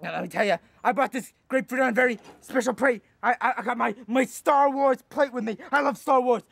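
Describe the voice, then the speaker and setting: A man's voice: extremely high pitch, fairly quick, gravelly, a bit bright, dry recording, studio quality, heavily acted. A man playing a hot-tempered, boastful eighty-year-old food reviewer who rambles and rants, repeating himself as he goes. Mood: ranting. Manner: rambling, ranting, repeats "let me tell you something". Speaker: comedy YouTuber in character. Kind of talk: comedic character monologue.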